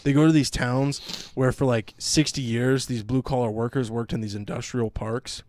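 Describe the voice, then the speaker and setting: A man's voice: medium pitch, fairly even intonation, normal speed, a little mellow, dry recording. A man co-hosting a podcast, ranting casually and sarcastically with lots of swearing and mocking quotes. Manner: sarcastic, mocks others in put-on quotes. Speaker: podcast co-host. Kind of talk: profane casual rant.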